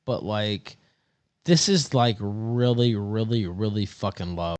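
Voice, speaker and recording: A man's voice: on the low side, takes it slowly, no echo. A stressed livestream host, a man, ranting angrily and combatively with heavy swearing. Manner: combative, swears heavily, yells. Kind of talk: angry profane rant.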